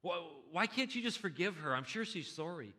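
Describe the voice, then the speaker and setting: A man voicing a stern male judge who speaks in measured, firm tones and asks pointed rhetorical questions. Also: sits high, big pitch swings, pushed and bright, pitched above the performer's own voice, exaggerated voice. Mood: incredulous.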